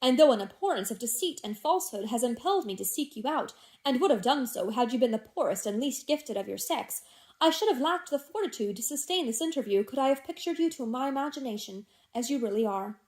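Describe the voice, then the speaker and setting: Scheming older gentleman, silky and falsely tender, read by a woman, audiobook. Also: on the high side, animated, brisk, natural voice. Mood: mock-indignant.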